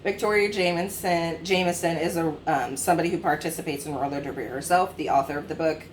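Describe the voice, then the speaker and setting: A woman's voice: low-pitched, fast talker, slight background noise. A woman in her twenties chatting casually about books she has read, rambling with many fillers and self-corrections. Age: 20s. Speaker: book vlogger. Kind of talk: casual book review chat.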